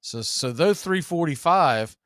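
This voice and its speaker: A man calling live baseball play-by-play, steady and measured as he calls each pitch and count, with an occasional dry quip. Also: dry recording. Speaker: play-by-play announcer.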